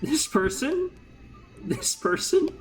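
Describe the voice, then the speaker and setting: A man's voice: very high voice, very animated, slow pace, fairly bright tone, faint music behind, poor audio. A man narrating as game master of a streamed tabletop game, swearing casually and laughing often.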